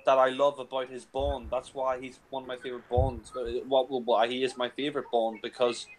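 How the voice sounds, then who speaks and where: A man's voice: medium pitch, little pitch movement, fairly quick, a little hiss or hum, low-quality recording. A man casually commentating on a film, blunt and crude, with lots of fillers like "you know".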